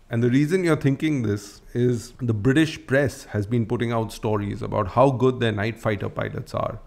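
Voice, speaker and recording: A man's voice: mid-range voice, moderate pace, gravelly, hardly any pauses, a little mellow. A man hosting a podcast, telling a history story in a chatty, casual way with frequent restarts and asides. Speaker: podcast host.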